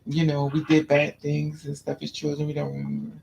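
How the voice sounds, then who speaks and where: A man chatting casually, telling childhood stories in an animated way and acting out the voices of people he quotes. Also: on the high side, brisk, creaky, slight background noise. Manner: animated storyteller, squeals and acts out quotes. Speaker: podcast host. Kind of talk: casual chat.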